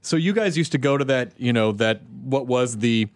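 A man hosting a podcast, chatting casually and reacting with quick jokes. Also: mid-range voice, expressive, dry recording, clean studio sound. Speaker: podcast host. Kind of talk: casual interview chat.

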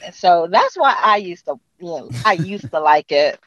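A woman's voice swings widely in pitch as she recounts events with indignation, acting out what people said. The audio is dull and lo-fi, and the room sounds dry. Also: moderate pace, no echo. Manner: animated and indignant, acting out past conversations. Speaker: interviewee, mother of a young man. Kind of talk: interview storytelling.

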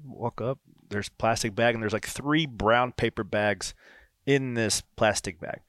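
A man hosting a podcast, telling a casual story with lively quoted dialogue. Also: fairly low pitch, a little slow, no echo, clean studio sound. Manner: animated anecdote with quoted dialogue. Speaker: podcast host.

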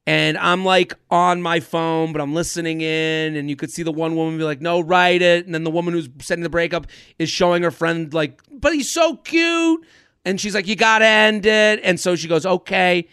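A man's voice: fairly high pitch, little pitch movement, fairly quick, few pauses, fairly bright tone, clear, resonant tone, no room sound, studio quality. A young man hosting a casual podcast, rambling through an anecdote with frequent restarts. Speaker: podcast host.

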